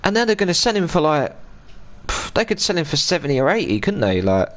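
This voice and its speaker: A man's voice: a little high, big pitch swings, fast, fairly bright tone. An English man in his thirties chatting casually on a live stream while gaming, ranting and swearing freely.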